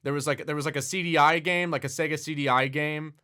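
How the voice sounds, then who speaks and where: A man's voice: on the high side, fairly even intonation, fast talker, pushed and bright, smooth. A young man hosting a casual podcast chat, rambling and swearing, acting out quotes in silly voices. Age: young adult. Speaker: podcast host.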